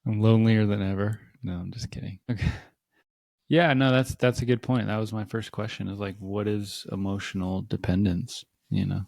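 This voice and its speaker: A man co-hosting a casual podcast discussion. He talks in a reflective, joking way and gets quicker when he gets animated. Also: lowish voice, creaky, no room sound, clean studio sound. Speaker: podcast co-host.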